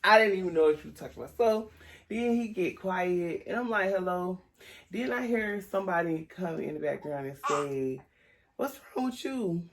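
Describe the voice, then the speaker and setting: A young woman, chatting casually on a vlog and acting out the people in her story with high, lively voices. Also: normal speed, slight background noise. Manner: animated storytelling, acts out quotes in high voices. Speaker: vlogger.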